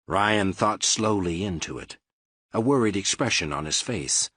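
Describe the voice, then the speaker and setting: Man reading an audiobook, low husky voice, lively swings, dry close mic. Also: unhurried, no echo. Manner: expressive storytelling read. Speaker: audiobook narrator. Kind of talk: scripted narration.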